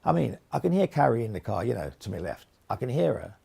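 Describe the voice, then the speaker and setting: An actor as a gravelly older man. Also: mid-range voice, sing-song, fast talker, mellow, exaggerated voice. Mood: candid. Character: retired man with mild hearing loss, candid. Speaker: actor voicing a retired quality manager's testimony. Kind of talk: scripted testimony monologue.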